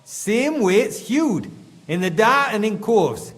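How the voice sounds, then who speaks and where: A grumbling Geordie mine foreman, blunt and thick with dialect slang. His voice sits high and swings widely as he complains. It rings with a long hall-like reverb. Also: big pitch swings, slow pace, heavily acted. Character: gruff middle-aged male mine foreman, grumbling and suspicious.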